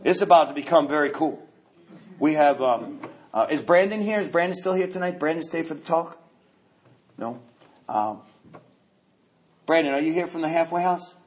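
A man's voice: fairly high pitch, normal speed, pauses often. New man telling his recovery story. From New York. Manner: animated, joking, repeats words as he restarts. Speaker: recovery meeting speaker. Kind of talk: storytelling talk at a recovery meeting.

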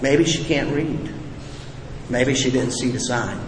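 This man talks slowly at medium pitch while giving a blunt, folksy recovery talk peppered with profane jokes. The recording comes from an echoey hall with reverb, faint ambience and a noisy background.

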